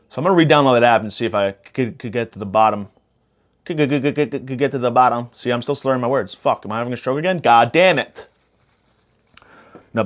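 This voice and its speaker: A man's voice: mid-range voice, fairly bright tone. A young man hosting a podcast, rambling through a profane comedic monologue while spacey after a panic attack. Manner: profane, rambling, jumps between topics. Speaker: podcast host.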